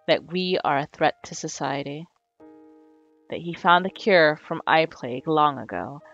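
A woman reading game dialogue aloud in a calm, unhurried way while playing with a co-host. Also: sits low, muffled recording. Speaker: let's play co-host.

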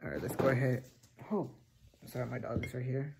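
A man's voice: medium pitch, fairly quick, gravelly, very noisy. A teenage boy hosting a reaction video, chatting casually and rambling between remarks. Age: teens.

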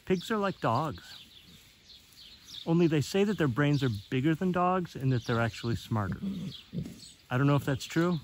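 A man talking to the camera while he feeds and pets his pig, switching to a high sing-song voice when he speaks to the animal. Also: expressive, moderate pace, long pauses. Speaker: pig owner filming his pet. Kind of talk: casual outdoor vlog narration. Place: outdoors on a rural farm. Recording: outdoor farm noise.

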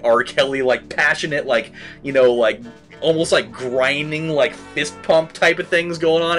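A let's play host with a voice on the high side gives casual gaming commentary. He rambles, swears, plugs every pause with "like" and "dude," and yells at the game whenever something goes wrong.

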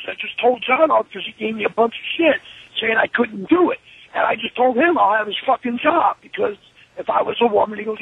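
A man in an interview, telling an animated, profane story and acting out what was said. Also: high voice, fast, vocal fry, breathy edge, no echo, phone-quality sound. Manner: animated, profane, acts out his own quotes. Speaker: interview guest.

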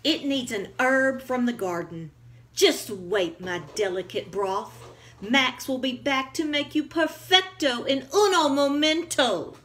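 Lady doing a cocky little chef guy, mock italian flair, slow and lively. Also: high-pitched, pitched above the performer's own voice, exaggerated voice. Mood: boastful. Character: eager little male chef, boastful and playful.

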